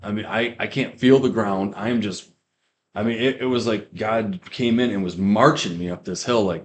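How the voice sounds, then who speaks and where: A young man with a fairly low voice tells his story of faith for a podcast. He rambles, trips over his words and restarts sentences again and again as he goes. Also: normal speed. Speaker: guest giving a testimony. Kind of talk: personal testimony on a podcast.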